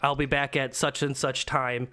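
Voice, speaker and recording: A man's voice: mid-range voice, little pitch movement, normal speed, pushed and bright, clear, resonant tone. A man co-hosting a casual gaming podcast, rambling with lots of fillers and casual swearing. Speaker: podcast co-host.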